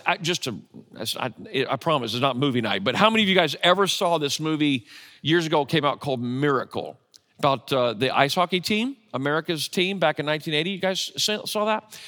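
A man's voice: fairly high pitch, pushed and bright. A man preaching a sermon as pastor, talking casually and often checking in with the congregation. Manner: conversational, asks the audience questions. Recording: long hall reverb.

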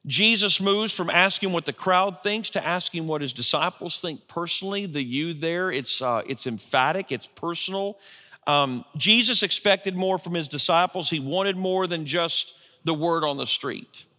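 A middle-aged pastor preaches in a relaxed, conversational way, tossing questions back to his congregation. His voice is bright and forceful and sits a little high. The sound rings out with the long reverb of a church hall. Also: normal speed. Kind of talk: sermon.

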